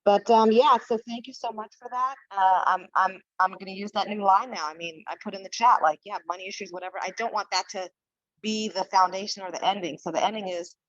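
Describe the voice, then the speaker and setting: A woman's voice: medium pitch, a little fast, no room sound. Earnest woman caller on a dull line. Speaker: caller, life coach. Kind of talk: phone-in comment.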